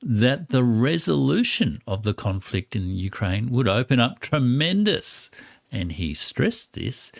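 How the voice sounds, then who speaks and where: A man hosting a live-stream political commentary, reading out quotes and explaining them deliberately. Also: fairly low pitch, very animated, vocal fry, dry recording, studio quality.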